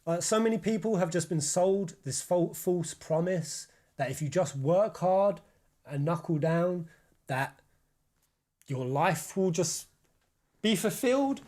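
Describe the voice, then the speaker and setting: A man's voice: high-pitched, expressive, slow pace, darkish tone. A young man hosting a live stream, ranting in casual chat and swearing freely. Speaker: stream host.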